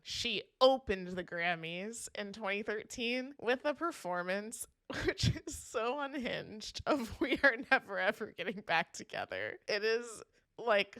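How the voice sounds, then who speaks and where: A young woman co-hosting a podcast in casual chat, eager and reacting quickly. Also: fairly low pitch, a bit bright, smooth, no room sound, clean studio sound. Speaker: podcast co-host.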